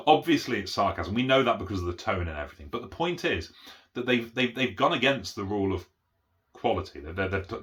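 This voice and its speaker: A middle-aged man talks in one unscripted take, teaching a concept step by step. His voice sits low yet has a bright, forceful edge. He keeps stopping to ask "okay?" and often restarts his sentences as he thinks aloud. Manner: explanatory, repeats "okay?" to check understanding; frequent restarts and fillers. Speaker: autism educator.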